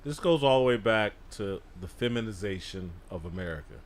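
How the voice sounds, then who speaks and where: A man's voice: on the low side, animated, fairly quick. A man appearing as a guest on a studio panel show. He makes emphatic, punchy declarations of opinion. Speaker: guest commentator. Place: podcast studio.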